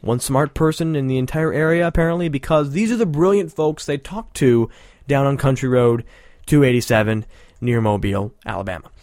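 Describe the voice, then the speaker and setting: A man's voice: medium pitch, brisk, darkish tone, no echo, studio quality. A man hosting a show, giving casual, sarcastic, rambling commentary with frequent laughter. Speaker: podcast host.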